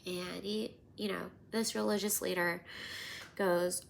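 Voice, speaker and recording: A woman in her thirties hosting a podcast, telling personal stories in an animated, casual way, sometimes dropping to near-whispers. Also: fairly low pitch, takes it slowly, creaky, slight background noise. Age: 30s. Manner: animated, drops to near-whispers and laughs often. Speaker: podcast host.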